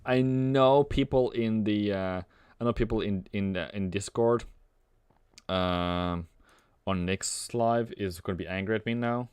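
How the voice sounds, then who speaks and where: A man's voice: lowish voice, unhurried, darkish tone, smooth, no room sound. A young man, rambling playfully through a live trading stream, joking and humming between market calls. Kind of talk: casual live-stream commentary.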